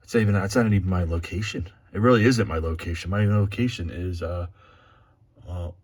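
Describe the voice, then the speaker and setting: A sports fan vlogger from the Philadelphia area reads text aloud on a casual vlog, rambling along with chuckles and blunt, profane asides. His voice is low, husky, and darkish in tone, and he talks fairly quickly.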